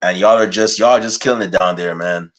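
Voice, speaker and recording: Low-voiced and brisk, with a fairly bright tone, a male podcast host opens his wrestling show on a rhymed hype intro. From there he drifts into relaxed conversation and anecdotes.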